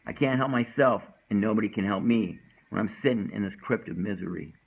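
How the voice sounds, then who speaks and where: Despairing male poet, low and heavy, a man reading his own verse. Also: fairly quick, creaky, slightly rough, low-quality recording. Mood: brooding. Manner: low, heavy, brooding delivery. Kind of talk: dark spoken-word poem reading.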